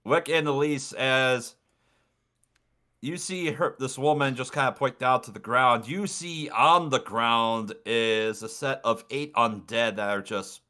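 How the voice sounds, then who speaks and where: A man's voice: medium pitch, measured pace. A man running a tabletop game as game master, narrating scenes and calling for rolls. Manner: relaxed, with fillers and restarts, reads boxed text.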